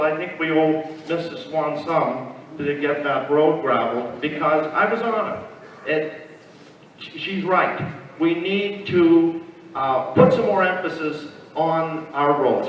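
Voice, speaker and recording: An older man campaigns for local office at a public meeting. His talk is halting, with restarts, and turns earnest. He is far from the mic in a long-echoing hall, and the sound is dull. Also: a little high, slight background noise. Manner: halting, repeats words, then earnest. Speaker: municipal candidate. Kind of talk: candidate's speech at a public meeting.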